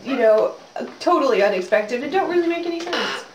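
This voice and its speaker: A woman student in a class discussion, speaking quickly and searching for words. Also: high-pitched, lively intonation, over music. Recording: distant, echoey, very noisy recording.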